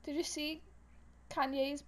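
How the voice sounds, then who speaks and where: A young woman with a high voice chats on a podcast. She rambles through gossip with plenty of "um" and "like", and she giggles often. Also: little pitch movement, unhurried. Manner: rambling, giggly storytelling with many fillers. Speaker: podcast co-host. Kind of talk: casual chat.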